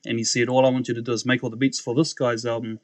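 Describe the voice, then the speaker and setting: A young man recounts his story as a podcast guest, speaking at an ordinary mid pitch. He talks casually and animatedly, mimicking the people he quotes and laughing as he goes. The sound is dry and close, with no room echo. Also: very fast. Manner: animated, acts out quoted voices, laughs often.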